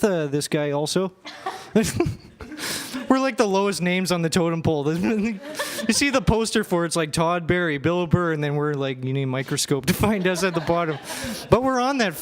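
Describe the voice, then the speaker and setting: A man hosting a comedy show on a club stage, joking loosely while introducing the next act. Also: high voice. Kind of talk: introducing acts. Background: audience.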